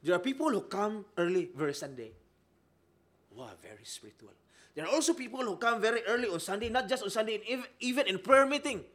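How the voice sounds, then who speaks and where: Animated high-voiced male preacher. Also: fast talker. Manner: emphatic, rhetorical questions, swings between loud and soft. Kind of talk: sermon.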